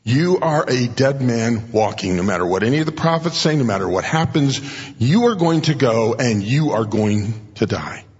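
A man preaches a sermon in a husky voice, talking conversationally and often pausing to clear his throat. He lifts his pitch to play the people he quotes. The sound is dull and carries a long reverb from a large hall. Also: lively intonation. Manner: conversational, acts out quoted speakers with raised pitch; frequent throat clearing and restarts.

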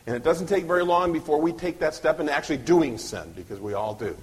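Husky-voiced male preacher. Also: a little high, fast talker. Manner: earnest, restarting and repeating words. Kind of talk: sermon.

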